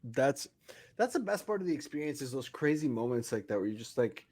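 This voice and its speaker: A man's voice: mid-range voice, big pitch swings, a little fast, darkish tone. A man hosting a podcast, telling stories in a laid-back way and laughing as he goes. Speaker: podcast host. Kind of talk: casual storytelling chat.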